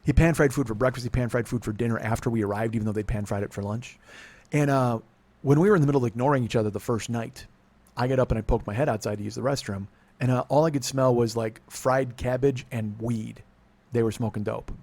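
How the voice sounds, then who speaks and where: A middle-aged man tells a confessional story at high speed, tumbling from one clause into the next. His talk is rambling and profane, full of restarts and self-interruptions, at an ordinary middle pitch. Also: fast talker, darkish tone. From California. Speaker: podcast host. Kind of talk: confessional monologue.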